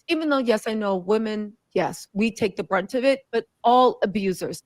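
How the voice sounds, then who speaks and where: A woman's voice: medium pitch, normal speed, few pauses, dry recording. A woman host giving emphatic reaction commentary and reading a statement aloud. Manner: emphatic, preachy.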